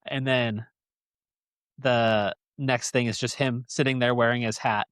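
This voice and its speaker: A man's voice: medium pitch, fairly even intonation, measured pace, fairly bright tone, dry recording. A man hosting a podcast, telling a story casually in a rambling, joking way. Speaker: podcast host. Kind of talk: casual chat.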